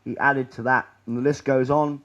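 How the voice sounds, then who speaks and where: A man giving a public presentation in a lecture room, rambling and sardonic, often trailing off quietly. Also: mid-range voice, little pitch movement, normal speed, dull audio.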